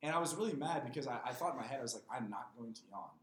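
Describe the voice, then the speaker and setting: A man in his twenties, a podcast guest, talking in a measured, earnest way and reading a passage aloud. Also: medium pitch, lively intonation. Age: 20s. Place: small room with other people. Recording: roomy echo with faint ambience.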